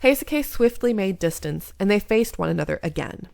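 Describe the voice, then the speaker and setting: A woman's voice: mid-range voice, animated, normal speed, vocal fry, a little mellow, no room sound, studio quality. A woman YouTuber reading a visual novel aloud in first person, breaking off now and then to comment. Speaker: gaming YouTuber.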